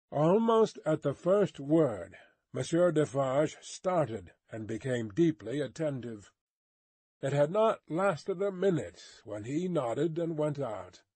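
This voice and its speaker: A man reading a classic novel aloud as an audiobook narrator, in a careful, deliberate manner. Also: fairly high pitch, a little mellow, husky, dry recording.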